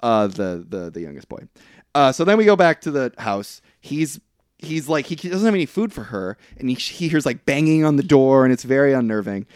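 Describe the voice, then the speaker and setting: A man's voice: mid-range voice, very animated, normal speed, darkish tone, clear, resonant tone, no room sound, clean studio sound. A man casually retelling a film's plot on a podcast, rambling with fillers and quoting the characters. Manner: rambling, laughs often, quotes characters. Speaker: podcast co-host. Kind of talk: casual movie recap chat.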